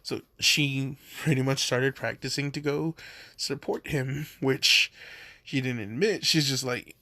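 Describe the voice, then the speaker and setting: A man tells a fan story slowly and loosely, full of fillers and swearing. His medium voice sits dry and close to the mic. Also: mid-range voice, pushed and bright, no room sound. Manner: rambling, lots of fillers and swearing. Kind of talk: casual storytelling.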